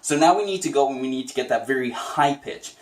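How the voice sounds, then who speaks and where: A man's voice: mid-range voice, fast talker, far from the mic, slight background noise. A man teaching voice impressions in a casual, chatty tutorial, upbeat and often laughing. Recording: roomy echo, away from the mic.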